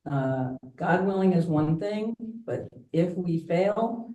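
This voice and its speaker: A man's voice: sits high, lively intonation, takes it slowly, dark tone. Earnest man exhorting in an echoey room. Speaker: political candidate. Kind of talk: speech at a meeting.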